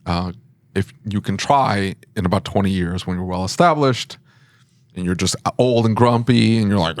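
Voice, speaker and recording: A man's voice: low-pitched, normal speed, dry recording. A man hosting a casual podcast, who jokes around and then gives plain, step-by-step advice on running a repair shop. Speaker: podcast host and shop owner.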